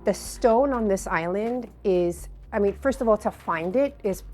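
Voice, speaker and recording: A woman's voice: medium pitch, unhurried, a little mellow, soft background music. Female designer, mid-range voice, effusive and descriptive. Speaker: interior designer. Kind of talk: casual walkthrough conversation. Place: on site at a house under construction.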